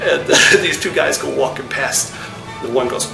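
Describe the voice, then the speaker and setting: A man chatting casually as host while he retells old comic gags. His voice sits at a middle pitch, and it echoes in the room. Music plays behind him. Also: moderate pace, vocal fry. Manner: chatty storyteller acting out jokes.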